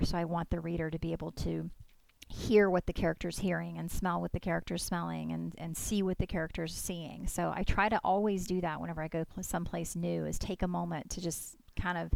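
A woman co-hosting a podcast with a lowish, gravelly voice. She talks in a chatty, thinking-aloud way, full of "like"s and restarts. The sound is close and dry. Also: no room sound. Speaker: podcast co-host. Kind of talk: casual chat.

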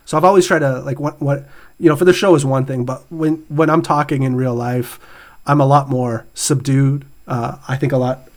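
A man's voice: medium pitch, fairly even intonation, normal speed, a little mellow. A middle-aged man hosting a podcast, chatting casually, laughing often and reading out questions. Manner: laughs often, reads out would-you-rather questions. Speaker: podcast host. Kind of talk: casual chat.

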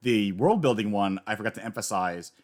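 Male podcast co-host, casual discussion, excitable delivery with sudden loud bursts. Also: on the low side, a little fast. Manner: animated, excitable, swings from quiet to loud.

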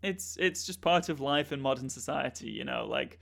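A man's voice: mid-range voice, moderate pace, vocal fry, a bit bright. A man co-hosting a comedy podcast, rambling in a mock-earnest, newsreader-like way. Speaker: podcast co-host. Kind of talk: comedic improvised banter.

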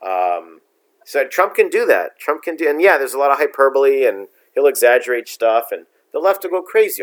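A middle-aged man at a mid pitch co-hosts a casual political talk show. He rants bluntly and with strong opinions, piling point on point in a plain, unpolished way. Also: sing-song, brisk. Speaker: podcast co-host.

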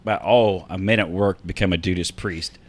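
Laughing, low-voiced man podcast co-host. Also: fairly even intonation, fairly quick. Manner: laughs often, quotes movie lines. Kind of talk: casual chat.

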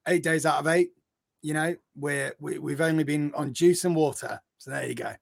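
A man's voice: on the high side, normal speed, gravelly, no echo. A man co-hosting a casual podcast, jokey and rambling, with frequent restarts. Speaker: podcast co-host.

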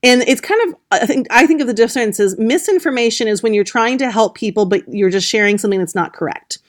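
A woman journalist, a guest on a podcast, explaining in a gentle way with frequent restarts. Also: on the high side, fast. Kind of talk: podcast interview.

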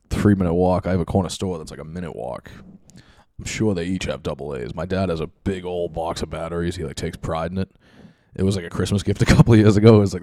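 A man's voice: sits low, warm tone, no echo, clean studio sound. A man hosting a podcast, rambling in a casual, profane and self-mocking monologue from his home basement. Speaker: podcast host.

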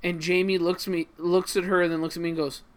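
A man's voice: high-pitched, flat delivery, fast talker. A man co-hosting a casual podcast, telling stories and teasing dryly. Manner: storytelling, dry teasing. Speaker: podcast co-host. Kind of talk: casual chat.

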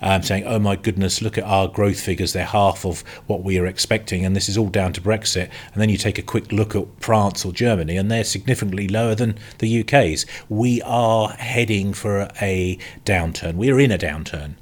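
A man with a lowish voice from the UK, talking through his views on a podcast panel. He is opinionated and halting, with frequent restarts and fillers. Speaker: industry analyst on a podcast panel. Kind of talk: casual panel discussion.

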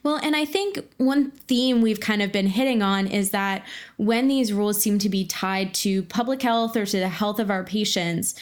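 A woman with a mid-pitched voice gives measured, thoughtful comments during a podcast chat.

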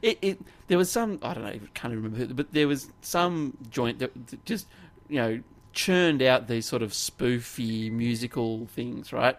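A man's voice: medium pitch, moderate pace, few pauses. A man co-hosting a casual chat, rambling with many restarts and laughs. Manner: rambling, self-interrupting, laughs often. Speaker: podcast co-host.

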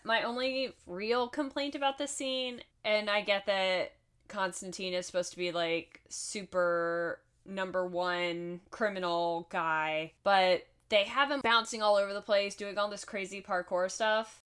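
A woman's voice: medium pitch, steady tone, measured pace, fairly bright tone, smooth. Sex: woman. Role: podcast co-host. Style: casual chat recapping a film. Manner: chatty and laughing, with asides.

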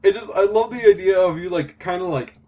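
A man's voice: high voice, brisk, lo-fi sound. A man narrating as game master of a tabletop role-playing game, rambling with many fillers and frequent laughter.

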